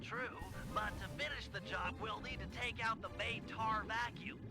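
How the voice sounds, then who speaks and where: A man voicing a nerdy high turtle planner. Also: steady tone, moderate pace, close to an everyday voice. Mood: briefing. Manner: briefing, plotting each step. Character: nerdy male turtle planner, calm and brainy. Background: game music.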